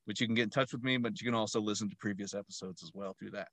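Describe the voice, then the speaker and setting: A man's voice: fairly low pitch, fairly even intonation, racing, a bit bright, dry recording. Self-deprecating man, laughing podcast guest. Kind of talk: casual podcast chat.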